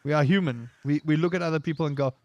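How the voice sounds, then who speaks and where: A man streaming a game while he rants, throwing out rhetorical questions and pushing his voice up high when he gets worked up. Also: racing, a little mellow, no room sound, muffled recording. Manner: ranting, piles up rhetorical questions. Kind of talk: casual rant while gaming.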